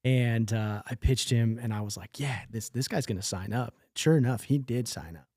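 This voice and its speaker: A business development manager telling an animated work story in a casual podcast chat. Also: male voice, mid-range voice, moderate pace, no room sound, clean studio sound.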